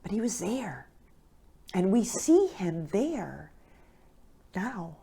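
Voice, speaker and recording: A woman's voice: mid-range voice, big pitch swings, slow, vocal fry, mellow, slightly rough. A woman telling a moving faith story in a casual, earnest way, with lots of fillers and asides, at times close to tears. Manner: earnest and emotional, many fillers and "right?". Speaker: guest speaker.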